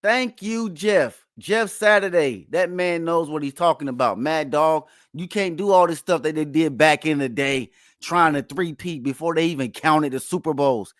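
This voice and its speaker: Man host, higher pitch, dry close sound, emphatic mocking sports reactions. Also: moderate pace, few pauses, a bit bright, dry recording. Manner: emphatic, playfully mocking, repeats himself. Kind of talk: casual sports reaction commentary.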